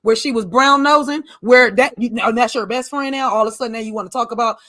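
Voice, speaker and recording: A woman chatting casually in a fairly high voice, recorded close and dry with almost no room sound. She talks in a loose, colloquial way and throws in exasperated asides. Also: quick pace, fairly bright tone, no room sound. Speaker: podcast co-host. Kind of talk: casual chat.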